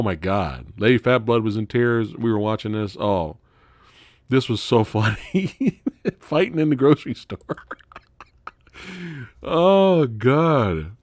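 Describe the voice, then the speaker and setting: A man talks casually on his live stream, swearing freely and laughing as he tells stories. His voice sits low, and his pitch jumps around a lot. The sound is dry and close to the mic. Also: no echo. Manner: profane, animated storytelling with frequent laughter. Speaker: host.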